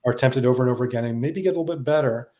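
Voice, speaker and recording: Man, interview guest, brisk talker, reflective, filler-heavy casual chat. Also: medium pitch, dark tone. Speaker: guest, software consultant.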